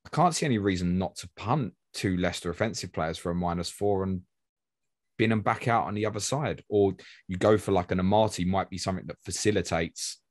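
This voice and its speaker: A man's voice: low voice, brisk, no echo, clean studio sound. A man hosting a casual podcast, chatty and rambling, swearing now and then. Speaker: podcast host. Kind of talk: casual fantasy football podcast chat.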